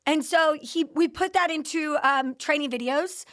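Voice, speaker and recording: A woman's voice: sits high, normal speed, fairly bright tone. A woman podcast host telling her company's founding story in a casual interview, acting out the quoted dialogue with animation.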